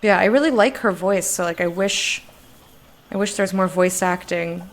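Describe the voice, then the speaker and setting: A woman's voice: on the low side, moderate pace. An American woman giving casual let's-play commentary and reading game text aloud. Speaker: gamer.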